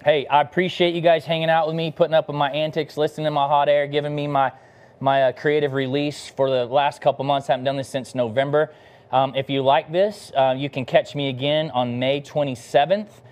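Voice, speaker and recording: Laid-back pitmaster, eating on air. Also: male voice, on the high side, fairly even intonation, fairly quick, a little mellow, clear, resonant tone. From Texas. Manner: laid-back and enthusiastic, talking between bites. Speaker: barbecue pitmaster hosting a cooking livestream. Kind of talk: casual live cooking demo chat.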